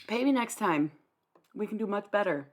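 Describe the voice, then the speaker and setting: A woman's voice: medium pitch, lively intonation, moderate pace. A young woman livestreaming, answering her chat in a blunt, sarcastic, dismissive way and swearing freely. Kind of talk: live stream chat reply.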